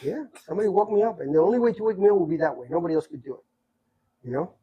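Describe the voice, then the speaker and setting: A middle-aged man telling stories from his life in a casual chat, animated and repeating himself as he acts out what people said. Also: high voice, racing, breathy edge, lo-fi sound. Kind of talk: casual storytelling.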